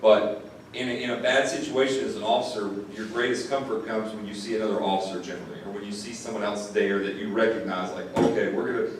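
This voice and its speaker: Deputy telling a story in an echoey hall. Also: male voice, fairly low pitch, steady tone, fast talker. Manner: earnest, repeats words when moved. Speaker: sheriff's deputy speaker. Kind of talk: first-person storytelling to an audience. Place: classroom or lecture hall. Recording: distant mic in an echoey room, faint noise.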